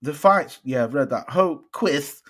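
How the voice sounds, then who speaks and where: In casual live-stream chat, a middle-aged boxing host from the UK goes through viewer comments, blunt and profane. He speaks British English in a fairly high voice with lively intonation, a little slowly.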